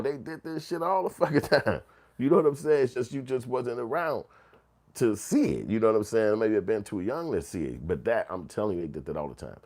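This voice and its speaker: A middle-aged man, telling casual, profane, animated stories as a commentary host. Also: fairly low pitch. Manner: animated storytelling, swearing and slang.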